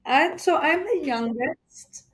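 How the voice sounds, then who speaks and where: A woman's voice: high-pitched, animated, slow. A woman with a mixed English accent, a guest talking casually in an interview, rambling with many fillers and restarts. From United Kingdom. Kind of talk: casual conversation.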